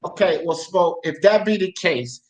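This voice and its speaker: A man's voice: high voice, lively intonation, moderate pace, rough recording. A man hosting a sports talk show, arguing bluntly with lots of swearing and street slang. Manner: blunt, profane, argumentative. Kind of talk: heated sports debate. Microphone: podcast mic.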